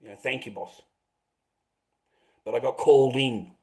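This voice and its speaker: A man's voice: medium pitch, fairly even intonation, measured pace, darkish tone, rough recording. A middle-aged man ranting on a casual livestream, swearing a lot, his voice climbing when he gets worked up. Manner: agitated, swearing, voice rising when upset.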